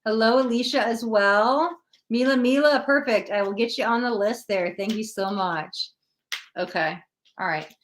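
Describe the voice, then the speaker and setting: A woman's voice: fairly high pitch, normal speed, slight background noise. Chatty woman giving a live tarot reading. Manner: chatty, animated, acts out quoted voices. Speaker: tarot reader. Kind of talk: live-stream psychic reading.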